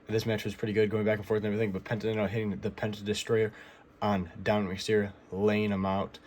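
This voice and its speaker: A wrestling recap host runs through the week's matches fast and casually, rambling with fillers and blunt opinions. His low voice stays flat with little rise or fall, and a faint hiss runs beneath the recording.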